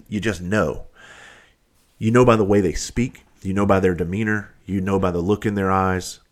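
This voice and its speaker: Very deep-voiced blunt man. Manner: blunt, swears freely, rambling restarts. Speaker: podcast host. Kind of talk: casual storytelling.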